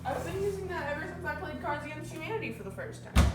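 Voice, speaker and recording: A woman's voice: sits high, animated, quick pace. A teenage girl vlogging casually from her home kitchen, joking and self-deprecating, filmed on a phone. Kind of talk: casual cooking vlog. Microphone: phone camera. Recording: echoey room, faint noise.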